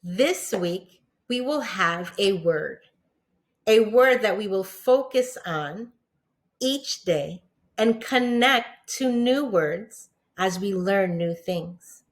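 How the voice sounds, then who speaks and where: A woman teacher with a New York accent giving a patient lesson to young children, pausing for answers and praising them often. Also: medium pitch, animated. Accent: New York English. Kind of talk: slow, encouraging classroom lesson for young children.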